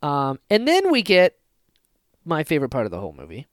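A man co-hosting a casual fan podcast, talking excitedly and acting out scenes with sudden loud bursts. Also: on the high side, a little fast, no room sound, clean studio sound. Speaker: podcast co-host.

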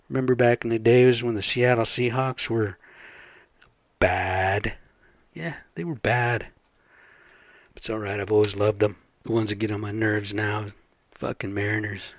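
Recorded with clean studio sound and no echo, a man speaking at normal speed in a lowish voice hosts a casual vlog. His monologue rambles, stays blunt, swears freely, and keeps checking in with listeners by asking "right?"

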